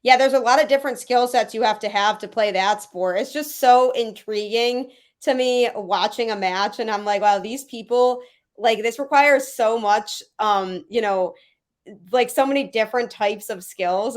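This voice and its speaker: A woman's voice: mid-range voice, normal speed. A woman hosting a podcast interview, talking in a chatty, enthusiastic way and often saying "like". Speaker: podcast host. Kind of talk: casual interview chat.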